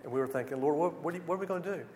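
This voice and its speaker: Man telling lively mission stories. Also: a little high, racing, slight background noise. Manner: lively storyteller, acts out dialogue, exclaims "whew". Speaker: missionary speaker. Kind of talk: church mission presentation with slides.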